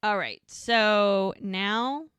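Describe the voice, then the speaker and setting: A woman's voice: medium pitch, extremely slow, fairly bright tone, clean tone, no echo. A woman co-hosting a podcast, recapping an episode in casual chat and acting out the characters' lines as she goes. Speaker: podcast co-host.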